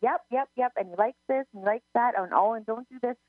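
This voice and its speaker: A woman's voice: a little high, fast, dry recording, soft background music. A woman who gives psychic readings, chatting casually as co-host and telling stories with many restarts and quotes of herself. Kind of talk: casual radio chat. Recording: narrow phone-line sound, dry.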